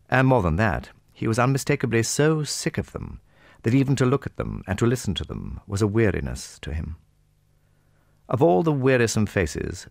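Deep, gravelly male audiobook narrator. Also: no echo, clean studio sound. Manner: measured, expressive storytelling. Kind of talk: scripted narration of a classic novel.

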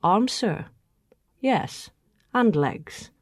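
A woman's voice: medium pitch, lively intonation, very slow, breathy edge, dry recording, clean studio sound, pitched above the performer's own voice, exaggerated voice. A woman reading the part of a brash, boastful young Irish curate who answers surlily. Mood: blustering. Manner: boastful, surly.

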